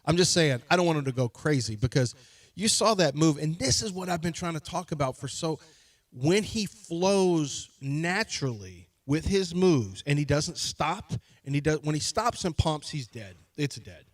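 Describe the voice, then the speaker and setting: A man co-hosting a casual sports radio show, talking fast and loose about basketball and acting out players with mock voices. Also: fairly high pitch, expressive, no echo, studio quality. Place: radio studio.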